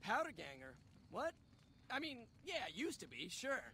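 An actor playing a manic, cackling former gang member in a video game, giddy and gloating. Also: male voice, very high voice, huge pitch swings, normal speed, bright, forceful tone, slight background noise, exaggerated voice. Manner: giddy, wild laughter, gloating.

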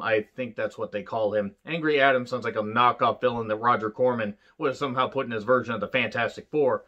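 A man giving a casual solo review of an old wrestling show. He talks bluntly and swears a lot, and he slips into quick mocking impressions of the people he describes. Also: mid-range voice, bright, forceful tone, muffled recording.

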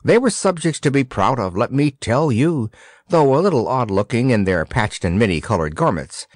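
In clean studio sound with no room audible, a man narrates a children's picture book for an audiobook. His storytelling is expressive, his pitch medium, and his pace moderate.

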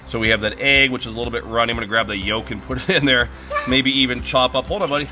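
With music in the background, a middle-aged man races through his casual griddle cooking video in his home garage. His voice is mid-range, and he's chatty and quick to laugh.

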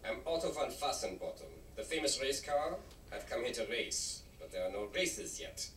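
A man's voice: medium pitch, lively intonation, moderate pace, a bit bright, lightly acted. An actor playing a boastful male race car with a thick German accent, showy and proud. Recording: echoey game audio from far off with noise.

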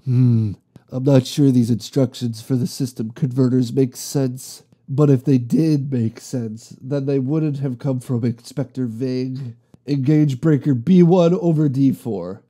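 A man's voice: medium pitch, measured pace, dark tone, lightly acted. A man voicing a worried agent who mutters to himself while fixing a broken base. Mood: puzzled. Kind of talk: storybook reading.

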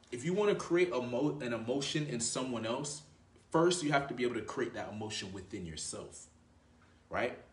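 A man's voice: medium pitch, far from the mic. Dating coach guy talking casual, slangy, lots of "right?", echoey room, sits back from the mic. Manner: conversational, frequent "right?" tag questions; slangy, addresses viewer as bro. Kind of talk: casual advice monologue. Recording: roomy, voice away from mic.

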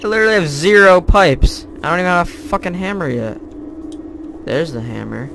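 A man's voice: sits high, expressive, a little fast, vocal fry, background noise. A young man playing a horror game, muttering profane, sarcastic commentary to himself. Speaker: gaming video creator.

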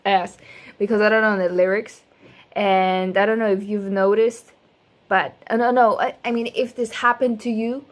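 A woman's voice: mid-range voice, fairly even intonation, normal speed. A woman chatting casually to her viewers before singing a cover, rambling, giggly and self-deprecating, stumbling over her words. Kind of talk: casual chat.

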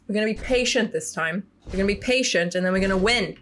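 A woman's voice: mid-range voice, quick pace, fairly bright tone, a little hiss or hum. A young woman commenting on a horror game. She gets jumpy, swears, laughs nervously and shrieks when chased. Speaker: gaming YouTuber.

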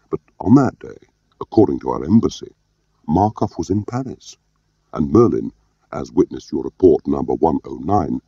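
A man's voice: sits low, warm tone, breathy edge, no echo, heavily acted. A man reading as a fussy, polite official. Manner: formal, respectfully pedantic. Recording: dull lo-fi audio.

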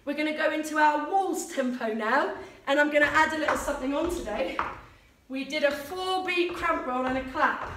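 High-voiced woman teaching tap. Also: moderate pace, background noise. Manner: sing-song counting and encouraging. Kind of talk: live online dance class instruction. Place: dance studio. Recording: echoey room, mic far off, loud tapping. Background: tap shoes clicking.

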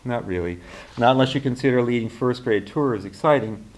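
A man's voice: medium pitch, fairly quick, darkish tone, close to an everyday voice. A man reading the part of a polite, hesitant young woman with a self-deprecating manner, in his own plain voice.

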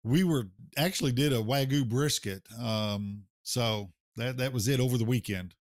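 A man's voice: medium pitch, moderate pace, no echo. An American man speaks as a guest on a podcast, folksy and plainspoken. His voice sits in a middle register, recorded close and dry. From United States. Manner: folksy, plainspoken, says sir. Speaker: guest, barbecue pitmaster. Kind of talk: casual interview chat.

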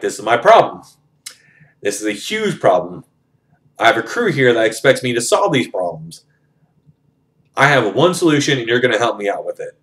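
A man's voice: lowish voice, fairly bright tone. A young man casually retelling a novel's plot in his own words, rambling and swearing freely. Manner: profane, rambling, conversational. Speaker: book reviewer retelling a novel. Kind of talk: casual spoken retelling of a story.

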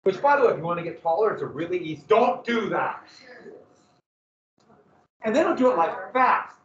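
Male teacher, classroom lecture, lively and questioning, higher voice, roomy room sound. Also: moderate pace. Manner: animated storytelling, asks the class questions. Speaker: history teacher. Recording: roomy, distant, dull classroom recording.

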